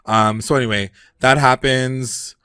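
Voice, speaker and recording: A man co-hosting a podcast, recapping a TV episode in casual chat, animated and heavy on fillers and swearing. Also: mid-range voice, unhurried, clean tone. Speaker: podcast co-host.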